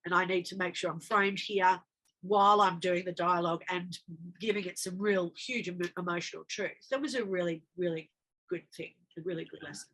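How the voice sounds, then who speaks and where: A woman, an actress, telling lively stories in a casual interview and acting out lines of dialogue as she goes. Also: fairly low pitch, a little fast. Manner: animated, acts out dialogue in her anecdotes. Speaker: actress guest.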